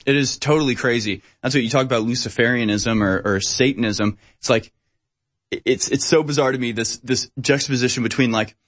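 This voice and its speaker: A man's voice: mid-range voice, brisk, a bit bright. Emphatic man hosting a chat show. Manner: emphatic, repetitive. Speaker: podcast host. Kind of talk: casual political chat.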